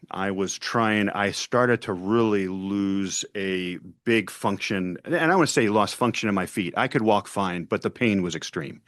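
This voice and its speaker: A man's voice: on the low side, a bit bright, no room sound, studio quality. A man in his forties, a podcast guest, earnestly telling a personal story and acting out the dialogue.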